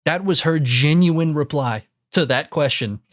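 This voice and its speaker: In a fairly high-pitched voice, unhurried, a young YouTuber launches into a casual rant for the camera. He sounds exasperated and swears a lot, repeating himself as he works himself up.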